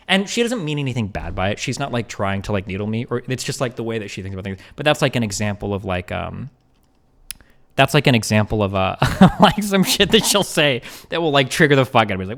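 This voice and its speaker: A young male streamer talks through a video at a rapid clip, his pitch sitting in an ordinary middle range. He swears freely and strings his thoughts together with fillers and restarts. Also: very animated, a bit bright. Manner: rapid, profane, many fillers like "like" and "um". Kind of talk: live stream reaction and commentary.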